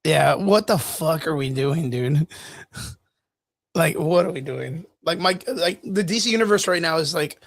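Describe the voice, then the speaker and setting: Man, podcast co-host, casual chat, animated, swearing, laughing, slightly high voice, dry close sound. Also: unhurried, creaky, dry recording.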